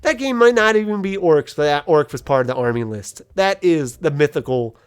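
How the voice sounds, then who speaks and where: A man's voice: a little high, brisk, clear, resonant tone. A man giving casual, jokey, rambling commentary while playing a video game. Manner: rambling, animated, jokey storytelling. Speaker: let's play commentator.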